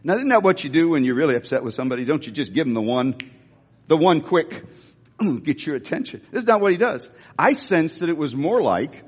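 A man preaching a sermon in an emphatic, animated way, often restarting phrases, recorded with long reverb in a big hall. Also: fairly high pitch, brisk, breathy edge.

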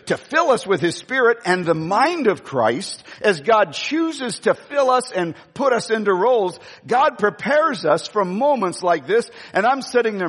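Preacher, man, boisterous and animated, high husky voice, long hall reverb. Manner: animated storytelling, acting out quotes. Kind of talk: sermon.

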